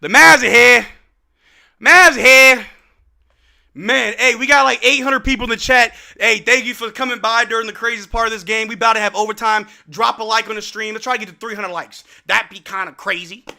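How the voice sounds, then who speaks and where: High, gravelly, bright-voiced man calling a game. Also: fast talker, few pauses. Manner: excitable play-by-play with slang, calling out to chat. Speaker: live stream watch-along host. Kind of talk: excited live game commentary. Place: indoor room.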